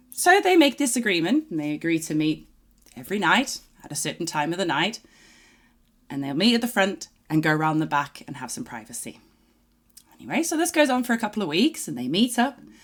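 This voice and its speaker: A woman co-hosting a reaction video, telling a long joke in a casual, animated way and laughing easily. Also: on the low side. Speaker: reaction channel co-host.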